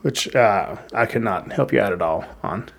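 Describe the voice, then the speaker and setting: A man's voice: fairly low pitch, lively intonation, normal speed, vocal fry, husky. An American man co-hosting a podcast, teasing his co-host wryly and explaining things in a casual chat.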